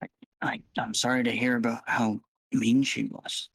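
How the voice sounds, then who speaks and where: A man playing a tabletop game, talking in a halting, stammering, playful way. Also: mid-range voice, level tone, a bit bright, breathy edge, dry recording, low-quality recording. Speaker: player. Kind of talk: casual in-character chat.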